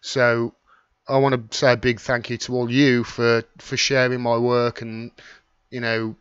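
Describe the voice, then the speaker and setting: A man's voice: medium pitch, completely flat delivery, measured pace, fairly bright tone, clear, resonant tone, no echo, muffled recording. A middle-aged man with a Wolverhampton accent, hosting a casual live stream and chatting as he thanks viewers by name. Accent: Wolverhampton (Black Country). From West Midlands, England. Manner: rambling, chatty, reads out and thanks commenters by name. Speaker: YouTube live stream host.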